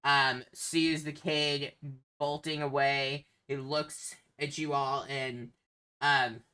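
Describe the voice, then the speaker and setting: Slow, hesitant tabletop game master. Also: medium pitch, flat delivery, sharp tone, smooth. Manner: hesitant, many filler sounds.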